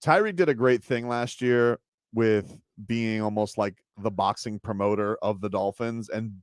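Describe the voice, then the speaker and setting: A man's voice: lowish voice, normal speed, clean tone, no echo. A man hosting sports radio, joking and fond of playful impressions in casual banter. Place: radio studio. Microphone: studio microphone.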